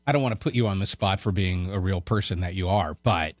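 A man's voice: low-pitched, quick pace, dry recording. A man co-hosting a radio talk show in a studio, teasing the host in casual, wry banter.

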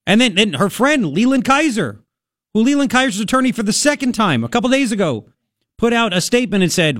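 A man's voice: high-pitched, big pitch swings, fast talker, a bit bright, no echo, clean studio sound. A man hosting a talk radio show, ranting in a sarcastic, mocking and exasperated way. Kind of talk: opinionated talk radio monologue. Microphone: studio microphone.

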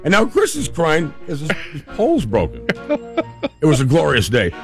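A man hosting a talk show, telling a family story in a casual, animated way and laughing often. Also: a little high, moderate pace, music in the background. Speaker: radio host telling a story.

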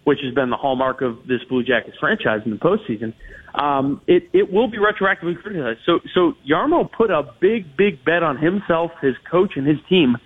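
A man with a slightly high, husky voice analyses hockey as a guest in a radio interview, speaking a little fast with lively intonation. He talks in long runs packed with restarts and fillers, and he comes through a tinny phone line on the radio.

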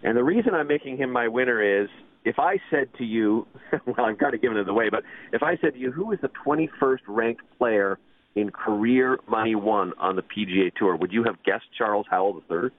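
A man's voice: medium pitch, a little fast. Chatty male golf radio co-host in his fifties, laughing easily, narrow lo-fi audio. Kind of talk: casual radio chat.

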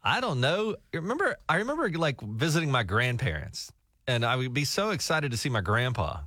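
A man's voice: medium pitch, sing-song, a little fast, bright, forceful tone, no echo, clean studio sound. A man co-hosting a morning radio show, teasing his partner in casual banter and laughing often. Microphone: studio microphone.

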